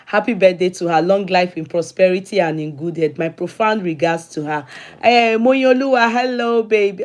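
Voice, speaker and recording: A middle-aged woman with a Nigerian accent and a fairly low voice hosts a casual livestream at a moderate pace. She greets viewers by name and slips Yoruba phrases into her chat.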